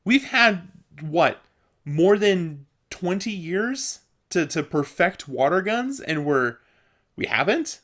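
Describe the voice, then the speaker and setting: A young man rambling through childhood stories in a casual vlog, often laughing and jumping loud and high when he acts out what people said. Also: big pitch swings, slow. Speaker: vlogger. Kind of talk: casual storytelling monologue.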